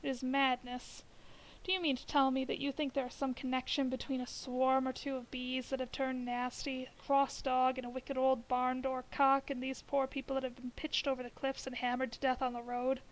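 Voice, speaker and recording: Doubtful country doctor, brisk and matter-of-fact, woman reading, high voice with some fry. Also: level tone, rough recording. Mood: skeptical. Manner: brisk, dismissive.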